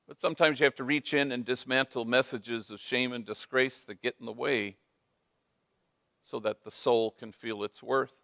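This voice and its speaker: Priest telling stories, dry sound. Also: male voice, mid-range voice, moderate pace, vocal fry, dry recording. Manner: lively storytelling with Spanish phrases. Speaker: priest and speaker. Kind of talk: storytelling talk.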